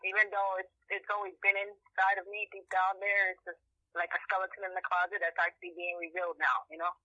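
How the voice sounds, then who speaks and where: Male guest, casual and halting, bright edge, lo-fi phone audio. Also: high voice, completely flat delivery, no room sound. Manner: halting, full of fillers and restarts. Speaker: podcast guest. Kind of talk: casual chat.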